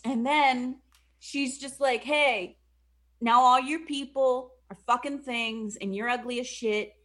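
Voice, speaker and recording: A young woman casually retelling a movie plot for a comedy podcast. She swears a lot and keeps dropping into quick mock voices for the characters. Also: high-pitched. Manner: profane, animated, does mock voices for the characters.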